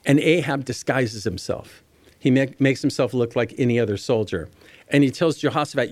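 A man's voice: medium pitch, animated, normal speed, no room sound. A man preaching a Bible teaching sermon. He reads passages aloud and explains them in a conversational way, speaking directly to his listeners. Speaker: pastor.

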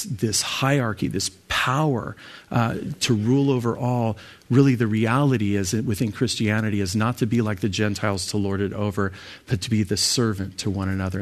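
A man leading an evening Bible study as pastor, talking through scripture in a conversational way with fillers and restarts. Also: fairly low pitch.

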